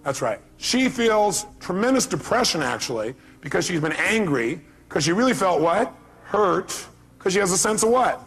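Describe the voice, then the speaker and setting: A man's voice: sits high, very animated, moderate pace, fairly bright tone, breathy edge. A man giving a live motivational seminar speech, talking emphatically and firing rhetorical questions at the audience. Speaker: motivational speaker.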